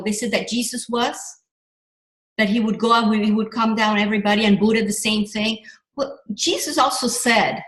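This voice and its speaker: Middle-aged female coach, higher voice, rambling and animated, echoey room. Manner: animated, rambling, with restarts and self-corrections. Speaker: business coach. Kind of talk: motivational workshop talk.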